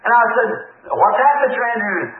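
Man, preacher, high voice, folksy storytelling sermon, tinny old recording. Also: a little fast. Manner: folksy, animated, acts out voices in his stories. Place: church. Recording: old tinny phone-like recording in an echoey church.

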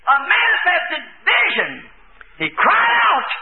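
A man preaching a revival sermon in a church service, fervent and hollering quotes with sudden shouts. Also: very high-pitched, wildly swooping pitch, normal speed. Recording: tinny lo-fi old tape recording.

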